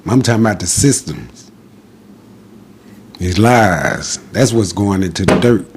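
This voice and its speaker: A man's voice: sits low, animated, measured pace, a little hiss or hum. A man giving an impassioned, defiant monologue as a podcast guest, preaching in short repeated declarations.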